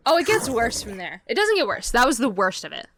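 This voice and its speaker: Animated woman telling a story, lively pitch. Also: fairly quick. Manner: animated, swears a lot, acts out shouted quotes. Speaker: podcast co-host. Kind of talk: casual chat, storytelling.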